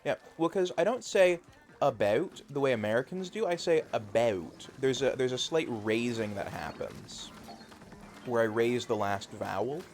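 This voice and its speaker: At a moderate pace and medium pitch, with a little hiss or hum in the audio, a man with a Canadian accent chats while gaming. He's from rural Canada and hosts the live stream from home, rambling casually with lots of fillers.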